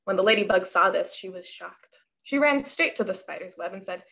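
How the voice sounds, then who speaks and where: A woman telling a story for all ages in a worship service, narrating with wry, lively storybook timing. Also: mid-range voice, fairly quick, gravelly.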